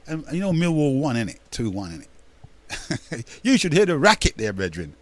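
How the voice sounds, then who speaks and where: A man's voice: high voice, big pitch swings, moderate pace, no echo. An older man, hosting a radio talk show in a rambling, emphatic monologue that repeats words and addresses listeners as brethren.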